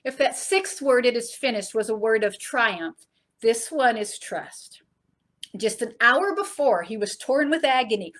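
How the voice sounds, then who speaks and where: A middle-aged woman teaches a Bible study in an earnest sermon style. Her voice sits somewhat high, and she stresses key phrases before dropping to a soft, low close. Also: animated, measured pace. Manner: earnest, preaching with emphatic rises and soft drops.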